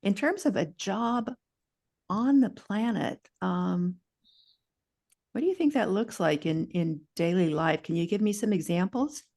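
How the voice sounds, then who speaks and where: A woman leading a casual group video chat, gently encouraging others to share. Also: mid-range voice, animated, unhurried.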